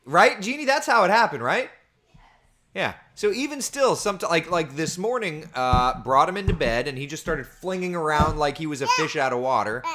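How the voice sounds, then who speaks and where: A man's voice: on the high side, animated, moderate pace, pushed and bright, a little hiss or hum. A man giving a casual weather forecast from home, chatting and rambling through viewer comments on a computer camera mic. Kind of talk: casual livestream forecast chat. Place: at home with his small children nearby.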